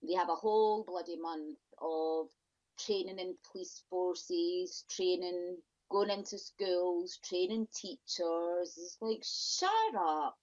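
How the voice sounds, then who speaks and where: A woman's voice: on the low side, fairly even intonation, darkish tone. Outspoken woman on a dull lo-fi line. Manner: outspoken, exasperated, quick asides. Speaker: podcast guest. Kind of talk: casual interview chat. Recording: dull lo-fi audio.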